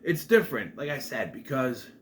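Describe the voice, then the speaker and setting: Young male reviewer, casual solo chat, very lively delivery, quiet room noise. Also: moderate pace. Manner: animated, laughs at his own jokes, mimics lines in high voices. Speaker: movie reviewer.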